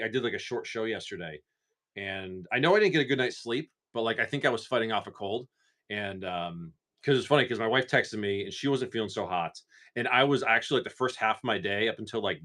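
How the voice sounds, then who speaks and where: A man's voice: mid-range voice, a bit bright. Male streamer from Massachusetts, easygoing and rambling, casual swearing, mid-range voice. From Massachusetts, USA. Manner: rambling and laid-back, swears casually, lots of "like" and "dude". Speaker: live-stream host. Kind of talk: casual live-stream chat.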